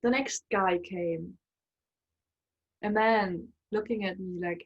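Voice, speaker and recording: A woman telling a personal story in an emotional, animated way. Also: mid-range voice, slow pace, long pauses, muffled recording. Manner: emotional, animated, acts out quoted voices. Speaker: spiritual coach and storyteller.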